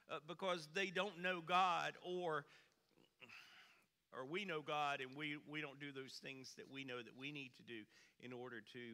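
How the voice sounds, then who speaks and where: Animated preacher in a reverberant hall. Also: male voice. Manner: folksy storyteller, animated swings in pitch and volume. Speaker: pastor. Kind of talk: sermon with a humorous story. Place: church sanctuary.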